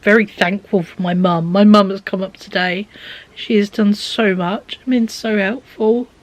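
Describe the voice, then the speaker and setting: A young woman chatting casually in a home vlog from her bedroom, tired and rambling, often dropping to a soft near-whisper. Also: medium pitch, steady tone, moderate pace, low-quality recording. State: exhausted. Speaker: vlogger. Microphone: handheld camera.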